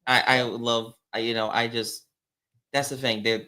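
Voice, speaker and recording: A man's voice: medium pitch, flat delivery, a little slow, pushed and bright. A man chatting as a guest on a podcast, speaking frankly and emphatically. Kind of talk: casual podcast chat.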